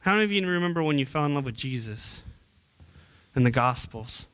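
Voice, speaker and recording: A man's voice: mid-range voice, expressive, fairly quick, a bit bright, smooth. A young man preaching as a youth minister in church, earnest and conversational, often repeating words and restarting sentences. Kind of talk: sermon.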